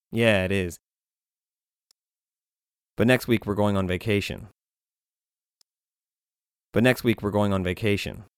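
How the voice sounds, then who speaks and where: Male voice for a scripted practice dialogue; crisp, slightly low, dry close sound, read slowly and plainly. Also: no room sound.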